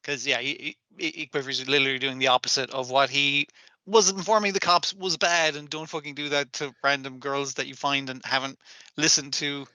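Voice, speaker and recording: A man co-hosting an anime podcast, chatty, agreeable and quick to swear. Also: medium pitch, fairly even intonation, sharp tone, no echo. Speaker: podcast co-host. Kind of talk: casual podcast chat.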